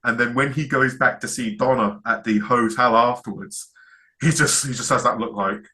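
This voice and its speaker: Male co-host, bright tone, eager casual storyteller. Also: medium pitch, moderate pace. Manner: enthusiastic, retells scenes acting out lines. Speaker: podcast co-host. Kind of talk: casual chat.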